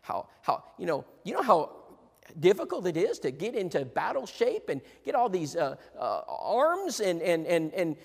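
A middle-aged man preaching a sermon, repeating himself, swinging between hushed asides and rousing emphatic bursts. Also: high voice, huge pitch swings, moderate pace, creaky. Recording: long reverb in a large hall.

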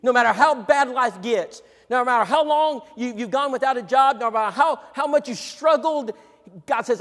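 A man preaching a sermon, swinging between loud proclamation and quiet asides. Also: very high voice, normal speed. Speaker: pastor. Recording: long reverb of a large hall.

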